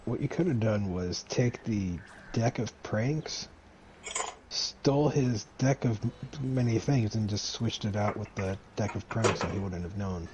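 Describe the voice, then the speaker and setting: A tired man talks through his game character in a low-key way, often trailing off. His voice sits low and comes through a dull, lo-fi mic. A faint hiss runs underneath. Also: unhurried, darkish tone. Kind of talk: casual chat planning a tabletop game.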